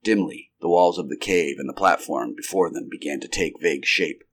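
An amateur audiobook narrator, a man with an extremely low, slightly bright voice, reads a 1930s science fiction story at a moderate pace. It's an unrehearsed live reading, and he occasionally restarts sentences partway through.

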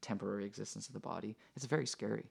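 A man's voice: on the low side, rapid-fire, vocal fry, slightly rough. A man hosting a podcast, telling a personal story in an earnest, reflective way. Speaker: podcast host. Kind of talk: conversational storytelling.

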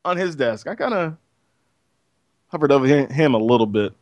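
A man's voice: mid-range voice, expressive, moderate pace, a little mellow, dry recording. A man co-hosting a gaming podcast, joking around and blurting things out. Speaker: podcast co-host. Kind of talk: casual gaming podcast chat.

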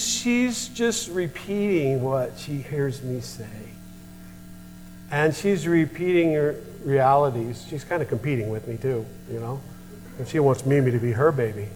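A man's voice: fairly high pitch, in a large hall, poor audio. An older man preaching a sermon, impassioned and repetitive, with folksy storytelling asides. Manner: impassioned preaching with repeated rhetorical questions. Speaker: pastor.

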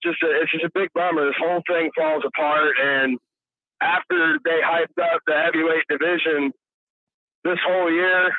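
A man calls in to a live show from his job, talking casually and pausing often, with lots of fillers. His voice is slightly high for a man. It comes through a tinny, narrow phone line that sounds dry and close. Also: dry recording. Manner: relaxed, hesitant, with many fillers. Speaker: caller. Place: noisy factory at work. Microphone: Bluetooth headset on a phone line.

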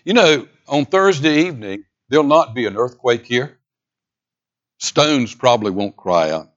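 An emphatic man preaching in a church, pausing for effect and dropping to near-hushed tones between strong declarations. His voice sits in a middle pitch. The recording sounds slightly dull and lo-fi. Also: lively intonation. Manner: emphatic, dramatic pauses, swings between loud and hushed. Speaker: pastor. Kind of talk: sermon. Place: church sanctuary.

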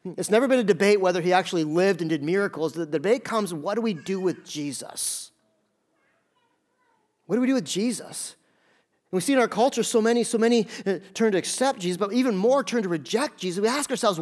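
A man's voice: sits high, expressive, fast, a little mellow. A man preaching a sermon in a church, talking conversationally and often asking the congregation questions. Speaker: pastor.

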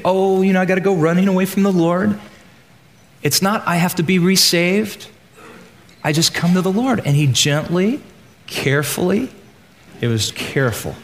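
A man preaching a sermon to his congregation in a folksy, animated way, swinging between loud emphasis and soft asides. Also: a little high, slight background noise. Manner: folksy, addresses the congregation as "gang". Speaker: pastor.

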